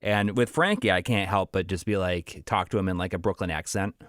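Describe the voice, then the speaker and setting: Low-voiced man rambling in casual chat. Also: fairly quick, a bit bright, no room sound, clean studio sound. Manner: rambling, many restarts and fillers; laughs easily. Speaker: podcast co-host.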